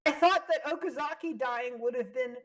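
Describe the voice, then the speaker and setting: A woman streamer reacting to a fan game, loud and swearing, swinging between shouting and near tears. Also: high voice, normal speed. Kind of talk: emotional reaction commentary.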